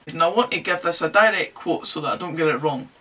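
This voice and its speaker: Young guy chatting football, bright and a bit high, mic sitting back from him. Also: fast, far from the mic. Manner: chatty, jokey, wry asides. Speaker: podcast host. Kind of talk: casual solo football commentary.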